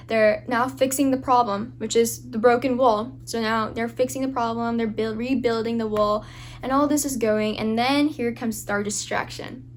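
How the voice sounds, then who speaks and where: A woman with a fairly high voice gives an earnest, informal devotional talk, often restarting her sentences and leaning on fillers. A faint hum sits underneath her voice. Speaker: Christian devotional speaker.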